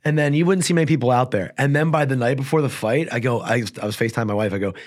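A man chatting casually as an interview guest, telling rambling stories full of fillers. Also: medium pitch. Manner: fast, rambling storytelling with many fillers. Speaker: guest fighter. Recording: audio-only podcast.

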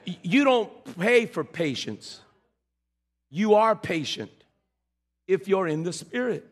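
A man preaching a sermon as pastor, animated and teasing, with shouted peaks and asides to the congregation. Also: high-pitched, takes it slowly. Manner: humorous, teasing. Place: church sanctuary. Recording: long hall reverb in a church.

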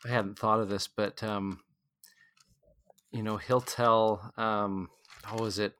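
A man's voice: lowish voice, level tone, takes it slowly, fairly bright tone, a little hiss or hum. A man hosting a scripture study podcast, speaking thoughtfully and reading passages aloud.

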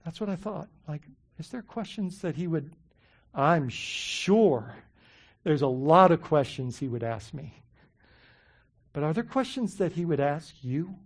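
A pastor preaching a sermon in an animated, conversational way, asking the listeners many questions and often saying "you know" and "right?". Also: medium pitch, unhurried.

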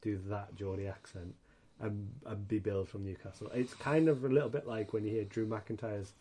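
A man's voice: lowish voice, steady tone, moderate pace, mellow. A man hosting a podcast in casual chat, rambling, swearing and laughing often. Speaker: podcast host.

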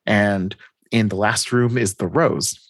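A man with a fairly low voice chats through a comic's plot, slipping into quick impressions of the characters and laughing as he goes. The sound is dry and close, with no room around it. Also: no echo. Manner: animated retelling, acts out characters' lines, laughs often. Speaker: podcast host recapping comics. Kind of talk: casual chat.

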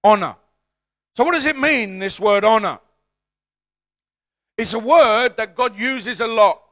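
Man, pastor, sermon, high voice, bright tone, call-and-response, rising to shouts. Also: unhurried.

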